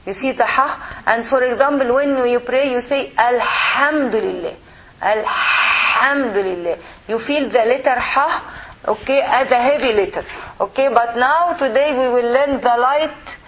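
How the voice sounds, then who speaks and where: A woman with a somewhat high voice leads a lesson in a mosque. She is patient and repetitive, modeling each sound slowly for her students. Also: a little hiss or hum, poor audio. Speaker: Arabic teacher. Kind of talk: classroom lesson.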